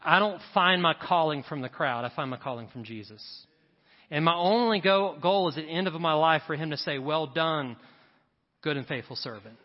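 Pastor preaching in a reverberant hall. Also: male voice, a little high. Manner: preaching with rising emphasis and quick asides. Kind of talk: sermon. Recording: dull sound with long hall reverb.

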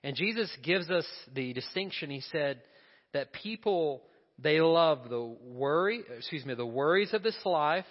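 A man's voice: a little high, expressive, measured pace, big-room sound, lo-fi sound. A male pastor preaching a sermon in a conversational way, asking the congregation questions and adding asides.

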